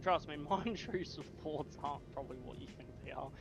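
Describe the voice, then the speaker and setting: A man's voice: fairly high pitch, brisk, gravelly, over music. An Australian man chatting casually with friends during a game, blunt and swearing constantly. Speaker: gamer in voice chat. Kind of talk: casual chat.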